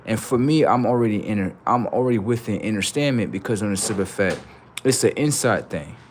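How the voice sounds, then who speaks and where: A man's voice: on the low side, fairly quick, slight background noise. A man livestreaming, telling a story in casual, slangy speech and repeating phrases for emphasis.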